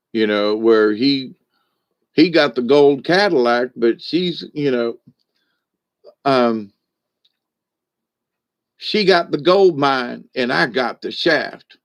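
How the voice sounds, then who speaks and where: A man telling a joke and then reflecting on faith in a folksy, rambling way with many fillers. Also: medium pitch. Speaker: speaker on spiritual lessons.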